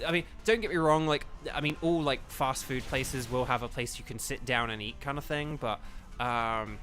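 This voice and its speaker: Bright-voiced chatty male streamer. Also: mid-range voice, moderate pace, soft background music. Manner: rambling, chatty, thinks aloud with many "like"s. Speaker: streamer and voice actor. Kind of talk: casual live-stream chat while gaming.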